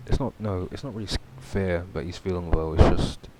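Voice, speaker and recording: A man's voice: sits low, a little fast, background noise. A young man casually commenting on a horror visual novel and reading it aloud, rambling with many fillers. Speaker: streamer. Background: game music.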